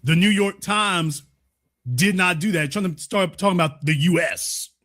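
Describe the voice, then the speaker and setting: Heated, bright-voiced man commentator. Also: high-pitched, moderate pace. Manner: heated, sarcastic, at times shouting. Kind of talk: news commentary.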